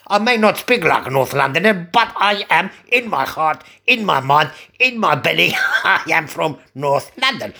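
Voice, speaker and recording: A man's voice: fairly high pitch, creaky, pushed and bright, husky. An older man from Cyprus, a barber, chatting in a rambling monologue and chuckling often. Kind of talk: casual monologue.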